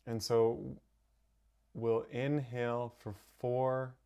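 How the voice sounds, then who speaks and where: A man guiding a live breathwork meditation, calmly giving instructions and softly counting the breaths. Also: mid-range voice, clean tone, muffled recording. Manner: slow, calm, counting softly. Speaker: meditation teacher. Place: home streaming setup.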